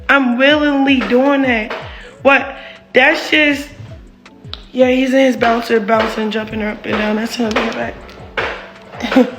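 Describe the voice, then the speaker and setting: A woman's voice: on the high side, a bit bright. A woman venting about her relationship in a candid, rambling monologue, heated and full of swearing and "like". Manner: rambling, heated, profane, heavy use of "like".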